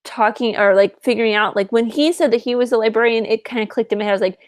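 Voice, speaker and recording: A woman's voice: a little high, fairly even intonation, rapid-fire, few pauses, no echo, studio quality. A woman co-hosting a podcast, chatting casually with lots of "like" fillers. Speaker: podcast co-host. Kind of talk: casual chat.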